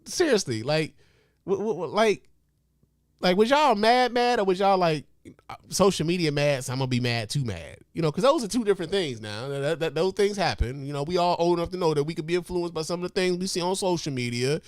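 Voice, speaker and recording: High-voiced man ranting on his podcast. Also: fairly quick, no room sound, studio quality. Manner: animated, profane, mock-outraged ranting. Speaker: podcast host. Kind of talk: comedic podcast rant. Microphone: podcast microphone.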